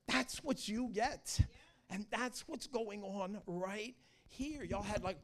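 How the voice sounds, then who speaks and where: A man preaching a lively, joking sermon to a church service. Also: high-pitched, takes it slowly, slight background noise. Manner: joking, animated, talks to the crowd. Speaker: guest preacher.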